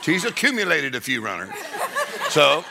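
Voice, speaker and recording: A man with a gravelly voice tells a comic story on stage, his pitch swinging wildly from low mutters to high yelps. He acts out the people in his tale with sudden high shouts. The recording carries a clear layer of noise underneath. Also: big pitch swings, moderate pace. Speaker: comedian. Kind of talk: stand-up comedy storytelling.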